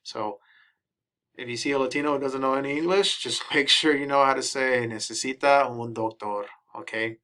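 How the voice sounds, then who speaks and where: A man giving a casual lesson, reading each English phrase and then repeating the Spanish slowly. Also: mid-range voice, steady tone, sharp tone, clear, resonant tone.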